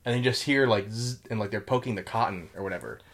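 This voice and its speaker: Young man telling army stories, low voice. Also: fast talker, a bit bright. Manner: swears a lot, rambling storytelling with many fillers. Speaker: podcast guest, former Marine. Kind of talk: casual podcast chat.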